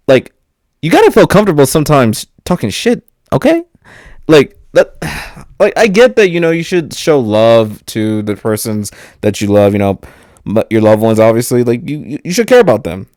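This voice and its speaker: A man's voice: mid-range voice, a little mellow, no room sound. A young man rambling on a handheld mic, joking, swearing and laughing often, with lots of fillers. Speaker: vlogger. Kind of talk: rambling casual monologue to camera.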